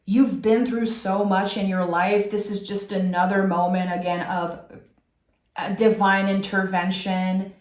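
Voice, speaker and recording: A woman with a French accent gives a soulful tarot reading, unhurried and reflective, breaking into restarts and a giggly lightness. Her mid-pitched voice carries in a roomy, echoing space. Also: little pitch movement. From France. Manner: giggly, talks with many restarts. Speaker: tarot reader.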